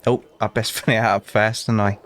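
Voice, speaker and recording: A young British man with a lowish, slightly bright voice speaks at normal speed with a flat delivery. Hosting a gaming channel, he casually commentates a let's play, chatting to customers and telling meandering anecdotes with dry asides.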